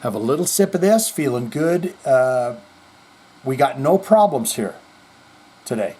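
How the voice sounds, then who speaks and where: A man's voice: mid-range voice, animated, measured pace, dark tone, husky. A middle-aged man hosting a podcast, rambling in casual chat with self-deprecating jokes. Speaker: podcast host.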